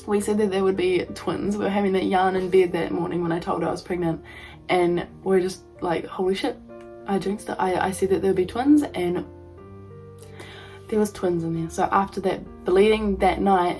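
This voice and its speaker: A young woman vlogging to camera, telling a personal story in a halting way full of ums and likes. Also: medium pitch, darkish tone, low-quality recording.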